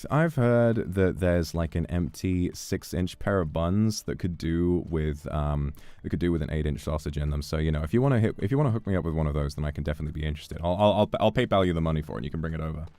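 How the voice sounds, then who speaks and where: Low, lively male streamer. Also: dry recording. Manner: playful, swears freely, quick restarts. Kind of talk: casual chat reading donations.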